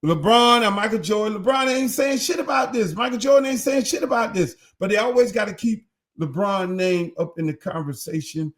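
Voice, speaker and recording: An older man hosting a profane, animated commentary monologue, acting out other people's voices as he tells the story. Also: sits high, brisk. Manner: animated, acts out others' voices, heavy cursing. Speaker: host.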